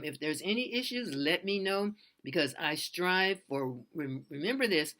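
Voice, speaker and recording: Casting: bright, forceful-toned freelancer, rambling tutorial advice, earnest and unpolished. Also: mid-range voice. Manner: earnest, loose and repetitive, with many restarts. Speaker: freelance voiceover artist. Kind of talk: casual how-to advice talk.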